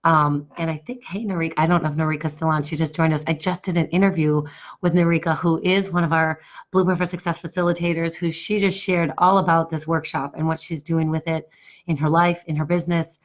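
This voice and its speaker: A woman with a low, hoarse voice speaks to her viewers on a live stream as a business coach. She talks with warm enthusiasm, circling back and repeating phrases as she builds up her pitch. The audio has a dull, lo-fi quality. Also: fairly even intonation, brisk. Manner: enthusiastic, repetitive, pitching a workshop.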